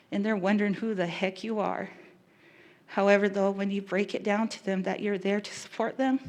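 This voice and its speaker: Woman, victim specialist, public talk, earnest, emotional, halting. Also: mid-range voice. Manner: earnest, emotional, with pauses and restarts.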